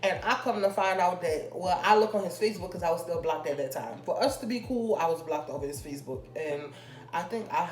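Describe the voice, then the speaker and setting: A young woman vlogger telling a personal story in casual, rambling chat full of fillers. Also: on the low side. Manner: chatty, rambling, drawn-out fillers. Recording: echoey room with faint music.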